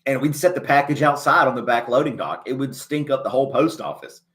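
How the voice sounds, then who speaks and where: A man hosting a casual livestream chat, rambling in a folksy way and chuckling often, a little choked up and clearing his throat. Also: medium pitch, fairly quick, a bit bright. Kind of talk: casual chat reading a live chat.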